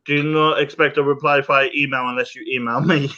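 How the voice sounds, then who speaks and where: A man's voice: mid-range voice, flat delivery, a little fast, bright, forceful tone. Chatty man on a dull call line. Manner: rambling and jokey, laughing often. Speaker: guest, small business owner. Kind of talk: casual chat on a livestream.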